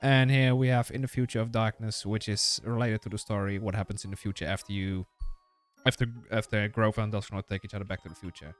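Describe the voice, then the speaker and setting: This man streams a game live and chats casually with viewers, rambling along with plenty of fillers and restarts. His voice sits on the low side with fairly even intonation, he talks fast, and soft music plays in the background.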